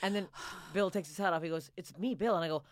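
Co-host, woman, quick-talking and lively, mocking herself, dry close mic. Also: on the low side, no room sound. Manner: animated, self-mocking storyteller. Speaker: podcast co-host and comedian. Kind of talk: casual podcast chat.

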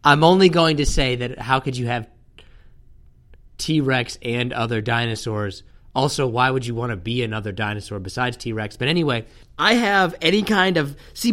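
A man's voice: medium pitch, normal speed, a bit bright. Dry teasing man hosting a chat. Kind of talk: casual chat.

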